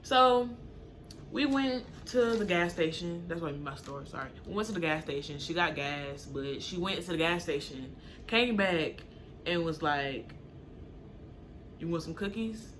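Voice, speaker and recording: A young woman telling a story in a relaxed, chatty way, breaking into high, animated bursts when she acts out what she and others said. Her voice is bright and forceful, with a faint hiss in the background. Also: normal speed. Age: young adult. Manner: animated, acts out quotes with sudden high pitch jumps. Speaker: storytime vlogger. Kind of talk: casual storytelling to camera.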